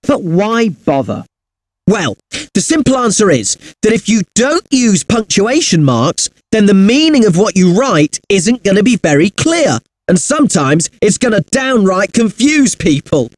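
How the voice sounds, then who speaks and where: Friendly tutor, upbeat, chatty, animated pitch, dead-dry recording. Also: male voice, measured pace, dry recording. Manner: upbeat, chatty, addressing the user directly. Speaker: punctuation tutor host. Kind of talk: scripted educational software presenting.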